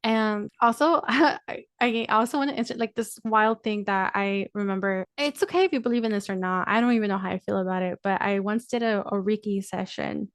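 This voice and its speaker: A woman's voice: medium pitch, a little fast, no echo. Candid young woman, dry close sound. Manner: casual, confiding, swears freely, fillers of 'like', addresses listeners as 'y'all'. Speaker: podcast host. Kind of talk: candid personal monologue.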